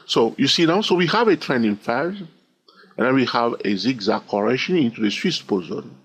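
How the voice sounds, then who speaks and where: Husky, animated male trading teacher. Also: medium pitch, normal speed. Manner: repetitive, keeps asking "all right?"; counts wave numbers aloud in a sing-song way. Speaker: trading instructor. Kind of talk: recorded chart lesson.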